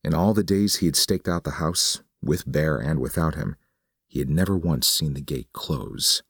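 A man narrates horror fiction in a steady, measured way. His voice is extremely low and gravelly with a husky texture, recorded dry. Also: dry recording.

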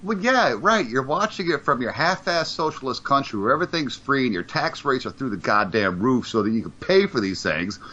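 A man's voice: medium pitch, lively intonation, brisk, hardly any pauses, sharp tone. A man chatting casually on a podcast, rambling and swearing, stumbling over repeated words. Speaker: podcast co-host. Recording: dull lo-fi sound.

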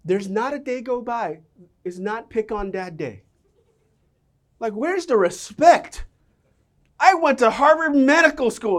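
A middle-aged man preaching a sermon as a pastor, a self-mocking storyteller who swings between loud outbursts and soft, low lines. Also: animated, a little slow, pauses often.

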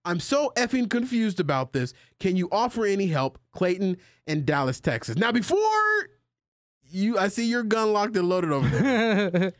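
A male podcast host in casual chat, animated and joking with his co-hosts as he reads out a listener letter. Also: high voice, moderate pace, no echo, clean studio sound. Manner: animated, jokey banter with co-hosts.

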